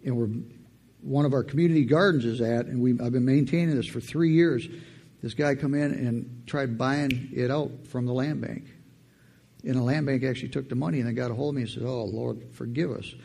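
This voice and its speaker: A man's voice: mid-range voice, fairly quick, gravelly, dark tone, slightly rough. A man giving a testimony sermon in church, telling a personal story and building to fired-up preaching with call-and-response. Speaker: lay preacher.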